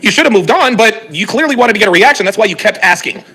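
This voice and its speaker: On a live stream, a man with a strikingly high, husky voice fires off heated reaction commentary at a fast clip. He sounds bright and cutting, animated and exasperated, swearing as he reads his viewers' chat aloud and argues back.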